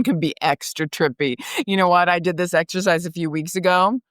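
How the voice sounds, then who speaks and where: A woman's voice: lowish voice, fairly even intonation, a little fast, few pauses, a bit bright, dry recording, studio quality. A woman podcast host, guiding a reflection exercise and telling a personal story in a conversational way, often saying "like" and laughing.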